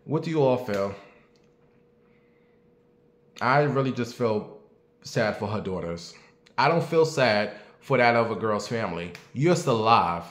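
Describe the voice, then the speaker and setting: A man in his late thirties, speaking at an ordinary middle pitch, hosts a casual commentary show from home. He talks bluntly, swears freely and keeps asking his audience for their opinion. His voice echoes around the room. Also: fairly bright tone. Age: late 30s. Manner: blunt, profane and talkative, asking the audience questions. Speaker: show host.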